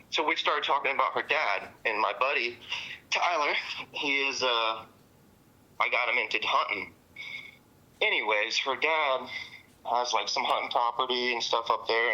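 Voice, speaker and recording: Man, witness, rambling and profane, sharp tense voice, muffled phone-line sound. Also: medium pitch. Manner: rambling with many fillers and cussing. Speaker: witness interviewed by police. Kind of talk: casual recounting.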